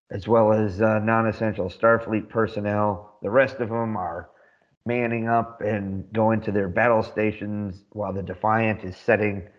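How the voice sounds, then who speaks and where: A man in casual podcast chat, rambling excitedly and laughing often as he recaps. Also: fairly low pitch, lo-fi sound. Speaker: podcast co-host.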